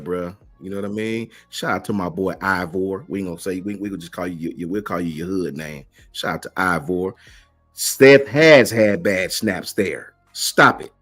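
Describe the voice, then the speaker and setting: A man hosts a livestream and answers the chat, emphatic and slangy, firing off rhetorical questions. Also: on the low side. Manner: slangy, keeps asking "right?". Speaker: host of a college football fan channel.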